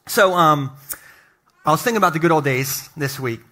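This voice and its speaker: A male pastor preaching to his congregation, telling humorous personal stories with animated asides. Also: on the high side, normal speed. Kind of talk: sermon. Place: church sanctuary.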